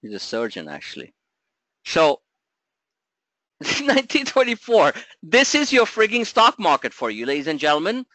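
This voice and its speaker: Animated man hosting a trading webinar. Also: normal speed, pauses often, no echo. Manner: animated, joking, swings between loud asides and low mutters. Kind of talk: live market webinar talk.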